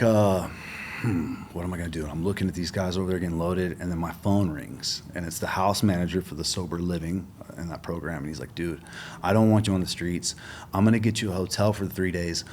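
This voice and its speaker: A man's voice: deep voice, darkish tone, slight background noise. A middle-aged man telling his story as a guest in a casual interview, acting out the dialogue and swearing freely. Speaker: podcast guest.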